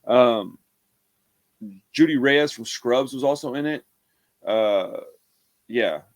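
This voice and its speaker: A man's voice: medium pitch, takes it slowly. A man giving a casual, rambling horror movie review, laid-back and full of "man" and "dude".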